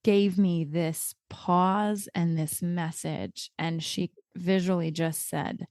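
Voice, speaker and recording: A woman's voice: fairly low pitch, steady tone, slow pace, darkish tone, no echo, clean studio sound. A woman hosting a podcast, chatting casually and effusively with her guest, often laughing. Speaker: podcast host. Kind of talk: casual interview chat.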